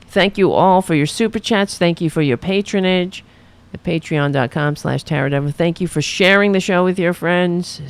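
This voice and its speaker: A woman's voice: deep voice, clean tone. A woman hosting her own political commentary show, speaking in an impassioned, rallying way and repeating slogans.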